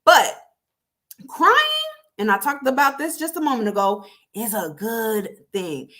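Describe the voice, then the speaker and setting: A woman's voice: a little high, a little slow, sharp tone. A woman talks through a casual solo podcast episode in an easygoing, chatty way. She addresses her listeners directly and laughs often as she goes. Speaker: podcast host.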